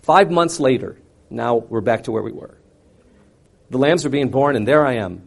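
A man preaching, telling a personal story in an animated way with wide swings between loud and quiet. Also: mid-range voice, normal speed, creaky. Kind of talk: sermon storytelling.

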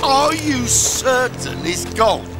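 An actor playing a scheming, scornful man plotting in an animated Bible drama. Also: very high-pitched, slow, music in the background, heavily acted.

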